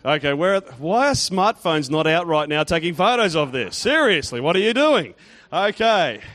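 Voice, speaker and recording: A man's voice: a little high, big pitch swings, normal speed, a bit bright. A man giving a playful children's talk in church, teasing and quizzing the kids and congregation.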